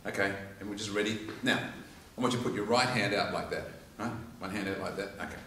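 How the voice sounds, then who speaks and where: An Australian man teaches public speaking to a live audience, and he tells stories and acts out the people in them. His voice sits a little low. It sounds like an echoey hall picked up from some distance away. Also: fast, slight background noise. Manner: animated storyteller, acts out quotes and laughs along. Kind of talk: informal lecture with demonstrations.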